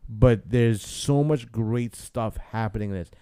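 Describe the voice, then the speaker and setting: A man co-hosting a casual comic book chat. His voice is low, mellow and smooth, and he retells scenes with energy, acting out the characters' lines. The sound is dry and close. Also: measured pace, no echo. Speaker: podcast co-host.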